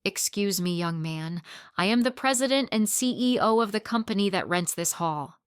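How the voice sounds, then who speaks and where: A woman voicing a composed, kind and confident businesswoman who speaks with gentle assertiveness in a storybook reading. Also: mid-range voice, animated, normal speed, smooth, no echo, studio quality, close to an everyday voice. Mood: assertive.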